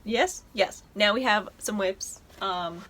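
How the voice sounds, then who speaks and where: A woman's voice: mid-range voice, slow pace, background noise. A woman hosting a knitting podcast, chatting casually and enthusiastically as she shows her projects at home. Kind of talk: casual show-and-tell chat.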